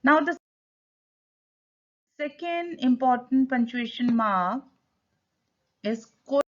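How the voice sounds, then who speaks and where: Indian teacher explaining grammar, lo-fi. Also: female voice, sits high, lively intonation, slow. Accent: Indian English. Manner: switches to Hindi to explain. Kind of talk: classroom grammar lesson. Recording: dull lo-fi sound.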